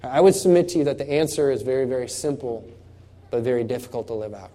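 A man preaching a sermon in a conversational way, asking the congregation rhetorical questions and moving between loud emphatic scripture reading and soft, low asides. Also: fairly even intonation, fast. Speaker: pastor.

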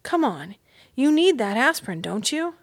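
A woman's voice: high-pitched, big pitch swings, moderate pace, no room sound, pitched above the performer's own voice, heavily acted. A woman voicing a plucky young male mouse who talks in an urgent, coaxing way.

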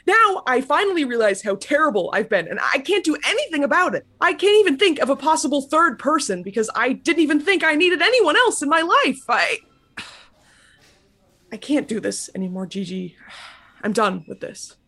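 A woman's voice: high-pitched, very animated, normal speed, pushed and bright, heavily acted. A woman voicing a bitter, self-loathing young male writer in an audio drama, anguished, her voice climbing and breaking.

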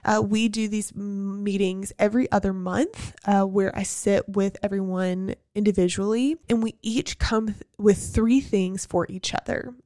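A woman's voice: mid-range voice, a little mellow, no room sound, clean studio sound. A young adult woman and business owner, talking earnestly and encouragingly in a casual motivational monologue, with frequent fillers and restarts. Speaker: business owner and team leader.

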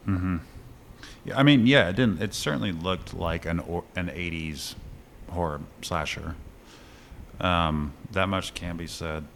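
A man with a very low voice talks casually through a film he's reviewing, retelling scenes with animated energy and a chuckle here and there. A faint hum of background noise sits under him. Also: unhurried, vocal fry. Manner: animated storytelling with chuckles and fillers. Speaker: podcast co-host reviewing a film. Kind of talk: casual chat.

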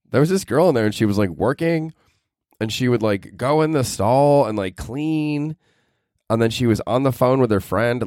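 In this casual storytelling monologue, a young podcast host spins self-deprecating stories, laughing a lot and cursing freely. He speaks on the low side, and the recording is dry with clean studio sound.

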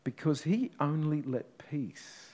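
Lively preacher guy, goes loud then hushed, kinda high voice, dramatic sermon. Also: slow pace. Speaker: pastor.

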